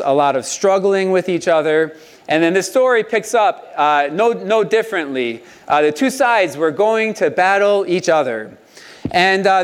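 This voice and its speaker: A man with a high-pitched, smooth, resonant voice preaches a storytelling sermon. He is animated, acting out shouted quotes and drawing the listeners in with questions. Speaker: conference speaker.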